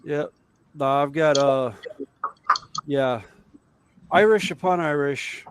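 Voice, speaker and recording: Man, casual storyteller, jokey and rambling, fairly high voice, faint hiss. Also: takes it slowly. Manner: rambling, jokey, many fillers. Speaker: guest on a hobby livestream.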